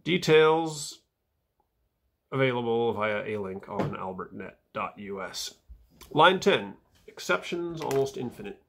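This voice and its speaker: A man reading his own footnotes aloud in a casual vlog, dry and wry, with fillers and soft mumbled asides. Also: medium pitch, animated, unhurried, vocal fry, a little hiss or hum.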